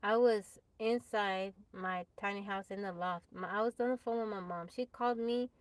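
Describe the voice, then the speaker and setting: A woman's voice: mid-range voice, fairly even intonation, moderate pace, no room sound, poor audio. A woman chatting casually on a live stream, laughing often and talking straight to her viewers. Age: adult, mother of a child. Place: tiny house off the grid.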